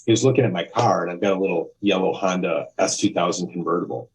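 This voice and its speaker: A man in his fifties with a very low voice tells a story as a podcast guest. He rambles along in a candid, conversational way, restarting sentences and acting out what people said. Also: fast, slight background noise, rough recording. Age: 50s. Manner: rambling, with frequent restarts and acted-out quotes. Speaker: podcast guest, music photographer.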